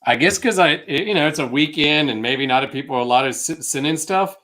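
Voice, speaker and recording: A man's voice: a little high, brisk, a bit bright. A man co-hosting a casual live stream, chatty and rambling. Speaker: co-host of a reseller live show.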